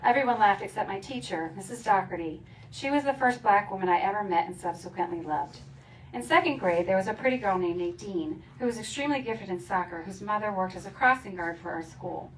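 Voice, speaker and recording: A woman's voice: medium pitch, animated, a little fast. A woman reading from her own memoir at a community celebration, playful and often laughing as she acts out the funny parts. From Philadelphia area. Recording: distant mic with faint ambient noise.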